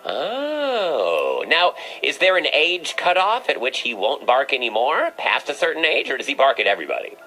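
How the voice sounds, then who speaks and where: Playful, lively man hosting a comic call-in. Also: on the high side, moderate pace, hardly any pauses, faint music behind, low-quality recording. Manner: playful, teasing, stammering restarts; mock-mystical pet psychic bit. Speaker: call-in show host. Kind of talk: comedic call-in chat.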